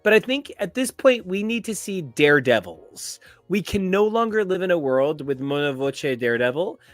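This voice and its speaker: A man's voice: high voice, big pitch swings, normal speed, no echo. A man co-hosting a comic book podcast, talking in a playful, theatrical and florid way. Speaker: podcast co-host. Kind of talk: casual comic book chat.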